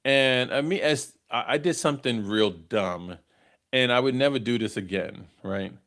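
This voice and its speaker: A middle-aged man hosts a live dating podcast. He tells stories in a loose, conversational way and keeps checking in with "right?". His voice sits at an ordinary pitch for a man. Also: normal speed, a bit bright. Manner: conversational, tags lines with "right?", chuckles at own stories. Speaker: podcast host. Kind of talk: casual storytelling on a live podcast.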